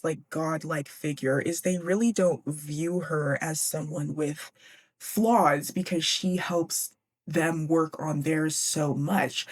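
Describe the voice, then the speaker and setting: Young woman, chatty book recap, lowish voice, dry close sound, swears a lot. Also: darkish tone, no echo. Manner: chatty, profane, laughs often. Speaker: podcast host.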